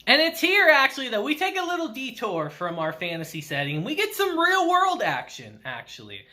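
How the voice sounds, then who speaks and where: Male anime reviewer, slangy casual recap, bright tone, lots of pitch movement. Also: moderate pace. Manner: laughs often, slangy and animated.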